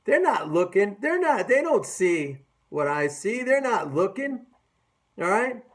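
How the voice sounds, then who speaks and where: High-voiced sarcastic male market commentator. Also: sing-song, a little slow. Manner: sarcastic and mocking; emphatic, repeats phrases. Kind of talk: casual market commentary rant.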